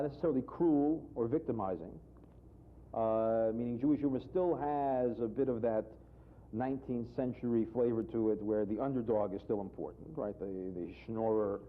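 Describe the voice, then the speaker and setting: A man, a humorist guest in a TV studio, telling a joke and talking about humor, acting out voices with big jumps in pitch. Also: a little hiss or hum. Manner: animated storyteller, acts out characters with sharp jumps in pitch. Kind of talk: joke telling and interview talk. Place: television studio. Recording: tinny phone-like archive broadcast.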